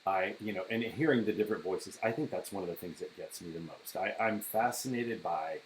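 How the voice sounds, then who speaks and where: A middle-aged man with a low, brisk voice chats casually on a podcast, telling stories enthusiastically and repeating words as he starts his sentences. The audio is poor, with a little hiss or hum.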